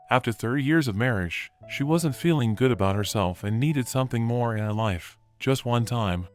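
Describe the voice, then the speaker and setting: A man voicing a tearful adult daughter who pleads apologetically with her father, speaking at an even middle pitch. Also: natural voice.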